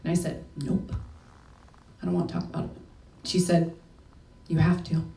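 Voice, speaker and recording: A woman's voice: on the low side, completely flat delivery, moderate pace, vocal fry, mellow. Candid woman telling a story in an echoey hall. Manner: candid, emotional storytelling with casual swearing. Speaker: speaker. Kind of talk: personal story talk. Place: event hall. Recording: echoey room from far off.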